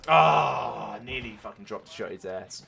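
A man's voice: on the low side, normal speed, a little hiss or hum. A young man giving casual commentary over his gameplay, swearing a lot and talking to his viewers as boys and mates. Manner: swears often, frustrated and animated, talks to viewers as boys and mate. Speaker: gaming streamer. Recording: game gunfire behind the voice.

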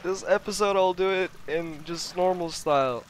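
A man's voice: high voice, a little slow, hardly any pauses, fairly bright tone, slight background noise. A man with Russian as his first language giving live commentary while playing a game, talking to himself, exclaiming and chuckling often. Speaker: let's play gamer.

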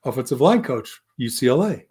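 A man's voice: mid-range voice, sing-song, a little fast, darkish tone, slightly rough. A man in his fifties, a former pro football lineman, telling stories as a guest in a casual interview, acting out quoted voices and laughing often.

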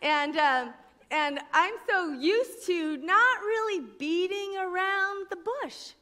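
A middle-aged woman from New Jersey giving a personal testimony talk at a conference, a lively storyteller who acts out the voices she quotes. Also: very high-pitched. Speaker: conference speaker. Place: conference hall stage. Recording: echoey conference hall.

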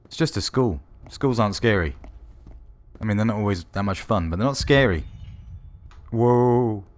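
A man giving wry, sarcastic let's-play commentary while playing a horror game, swearing often and yelling when startled. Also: lowish voice, animated, a little fast. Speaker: gaming video host.

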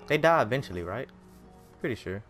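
Male gameplay commentator, mid pitch, excitable and chatty, loud game music underneath. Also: a little fast. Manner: jumpy, exclaims and talks to the game. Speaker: gaming video creator. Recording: game music playing behind voice.

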